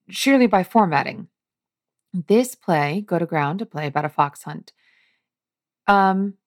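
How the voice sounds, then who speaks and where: A woman's voice: fairly low pitch, darkish tone, dry recording, studio quality. A woman teaching about verse drama, explaining as she thinks aloud. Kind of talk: lesson on play scripts.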